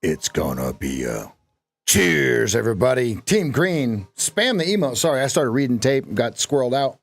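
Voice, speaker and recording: A man's voice: medium pitch, big pitch swings, normal speed, vocal fry, no room sound. A man hosting a live trading stream, talking in a casual, playful, jokey way with lots of emphasis.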